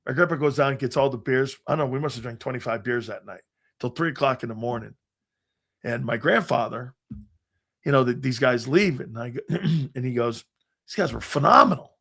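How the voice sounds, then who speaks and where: An older man with a gravelly, creaky voice, spinning loose stories live on a sports show. He circles back and restarts his sentences often and drops the occasional curse word. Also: medium pitch, a little fast. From Connecticut, United States. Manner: rambling anecdotes, frequent restarts and fillers, profane. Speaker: sports show host and former football player.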